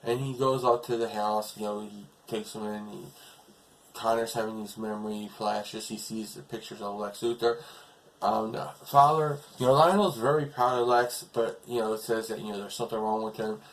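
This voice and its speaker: A man's voice: fairly low pitch, fairly even intonation, moderate pace, low-quality recording. A man casually retelling a TV episode as a reviewer, rambling along with lots of fillers.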